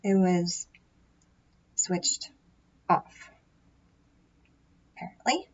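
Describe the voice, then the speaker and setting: A woman's voice: fairly low pitch, lively intonation, very slow, muffled recording, a little hiss or hum. A woman chatting casually to camera about her tarot readings, rambling and self-deprecating, full of fillers and restarts. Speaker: tarot vlogger. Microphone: built-in microphone array.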